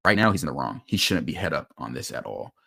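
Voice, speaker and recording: A man casually breaking down football game film, talking in a quick, animated, explanatory way. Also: very deep voice, gravelly.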